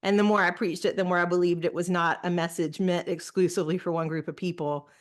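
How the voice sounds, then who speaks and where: A woman who used to be a pastor, speaking as a podcast guest, reflective and searching, with many pauses and restarts. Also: on the low side, steady tone. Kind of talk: casual conversation.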